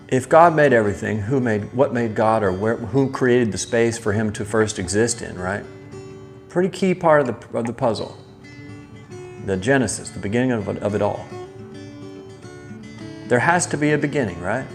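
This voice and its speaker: Animated man telling a story. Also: medium pitch, normal speed, pauses often, soft background music. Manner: animated, acts out quoted voices. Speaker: livestream host. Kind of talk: casual storytelling to a live chat.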